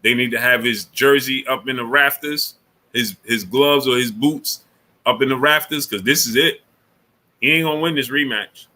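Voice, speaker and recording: A man's voice: mid-range voice, normal speed, sharp tone. A man hosting a casual sports talk livestream, speaking in loose slang and greeting viewers from the super chat between his takes.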